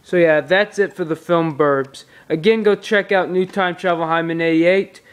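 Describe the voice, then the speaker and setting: A man's voice: on the high side, steady tone, moderate pace, smooth. A man casually reviewing a movie on tape, retelling the plot in a rambling way with restarts.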